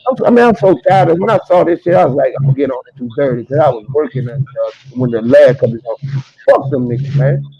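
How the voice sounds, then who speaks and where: A man's voice: a little high, brisk, gravelly, mellow, slightly rough. A man with a Virginia accent, talking emphatically and profanely in a heated casual discussion. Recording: muffled lo-fi audio.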